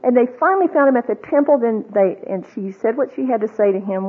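A woman teaches a women's group in a relaxed, conversational way, asking her listeners question after question. Her voice is husky and a little breathy. The recording is thin and tinny, as if heard over a phone line. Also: on the high side, fast talker, few pauses. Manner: conversational, asks the audience many questions; acts out quoted voices, with fillers and restarts. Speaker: Bible teacher.

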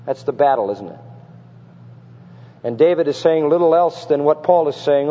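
A man's voice: fairly high pitch, expressive, moderate pace. A man delivers a sermon in a slightly raised register, pressing his listeners with rhetorical questions and reading scripture with growing intensity. His voice trails off into a long reverberant tail, and the recording has a muffled, lo-fi quality. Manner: asks rhetorical questions and reads scripture with rising fervor. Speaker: preacher.

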